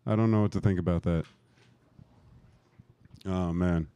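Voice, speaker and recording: A man's voice: low voice, steady tone, unhurried, mellow, clean tone. A man in his thirties doing a profane, rambling stand-up set, laughing at his own jokes and working the crowd. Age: 30s. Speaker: stand-up comic.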